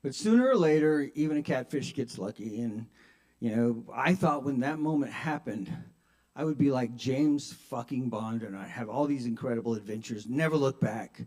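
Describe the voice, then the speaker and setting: An older man doing a self-mocking stand-up set at an open mic, shifting between mumbled asides and loud punchlines. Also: mid-range voice, normal speed. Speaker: stand-up comedian. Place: open mic at a kava bar.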